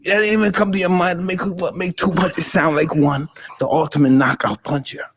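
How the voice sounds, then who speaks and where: A man in his fifties talking intensely and emotionally, profane and halting, in a casual conversation. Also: on the high side, flat delivery, a bit bright, slight background noise. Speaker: podcast host.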